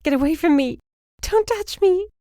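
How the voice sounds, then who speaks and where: A woman voicing an injured young heroine who is frightened and defiant, her hoarse voice raised and strained. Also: high-pitched, measured pace, darkish tone, no room sound, studio quality, pitched above the performer's own voice. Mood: desperate.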